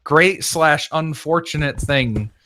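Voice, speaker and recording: A man's voice: on the high side, takes it slowly, noisy background. A young man co-hosting a casual gaming podcast, bantering and teasing his friends. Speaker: podcast co-host. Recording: music playing underneath.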